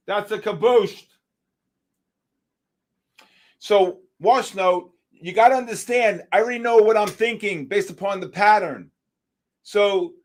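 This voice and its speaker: A high-pitched man hosts a live trading stream, delivering excitable, exclamatory market commentary and calling out viewers by name.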